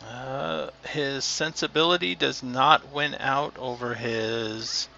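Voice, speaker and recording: A man running a tabletop game as game master, with a gravelly, bright voice. He narrates in halting bursts full of fillers, heard through a dull, lo-fi mic. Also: mid-range voice, steady tone, soft background music. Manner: halting, with fillers while describing scenes.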